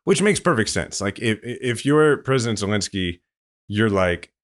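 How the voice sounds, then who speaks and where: A man hosting a podcast, explaining political news in a relaxed, chatty way. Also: on the low side, moderate pace. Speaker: podcast host. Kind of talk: casual political commentary.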